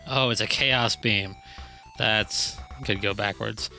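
A man's voice: fairly low pitch, steady tone, slow pace, gravelly, sharp tone, faint music behind. A man playing a tabletop game, casual and joking as he describes his moves. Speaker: player.

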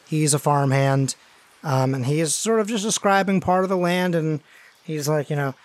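A man running a tabletop game as game master. He narrates in a relaxed, rambling way, with plenty of ums and restarts. His voice sits a little higher than most men's. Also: moderate pace. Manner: casual, filler-heavy narration.

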